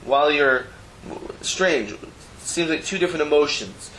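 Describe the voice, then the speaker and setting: A man gives a Talmud lesson in a somewhat high voice. He explains the text line by line, slipping Hebrew terms in among casual everyday asides. The room is echoey and there is a faint hum of noise behind him. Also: expressive, moderate pace, fairly bright tone. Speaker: Torah teacher. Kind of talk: Talmud class lecture. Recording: roomy echo, faint background noise.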